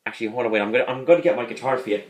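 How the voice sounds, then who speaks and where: A man's voice: mid-range voice, rapid-fire, a little hiss or hum. Rambling man chatting casually on a vlog. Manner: rambling, repeats words and restarts often. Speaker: video host reviewing a sitcom.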